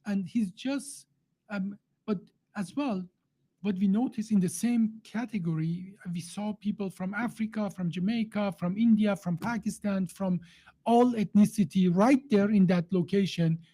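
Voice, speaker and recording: A man hosting a relaxed live talk. He speaks haltingly, full of fillers, restarts and slightly non-native grammar. He jokes and laughs easily with his guest. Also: high-pitched. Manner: jokey, laughs often. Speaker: host. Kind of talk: casual live-stream conversation.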